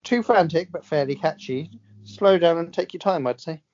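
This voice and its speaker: A man's voice: on the high side, moderate pace, darkish tone, lo-fi sound. A man co-hosting a podcast in casual chat, blunt and dryly teasing. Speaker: podcast co-host.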